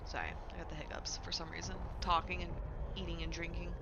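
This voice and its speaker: A woman's voice: lowish voice, little pitch movement, fast, dull audio, very noisy. A young woman streaming a game from home, chatting casually and loosely, swearing often and rambling through fillers as she answers her chat. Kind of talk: casual live-stream chat while gaming.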